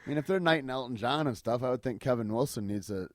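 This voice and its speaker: A man's voice: mid-range voice, expressive, fast talker, dry recording, clean studio sound. Profane, rambling podcast host man. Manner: profane, rambling joking rants. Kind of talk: casual chat.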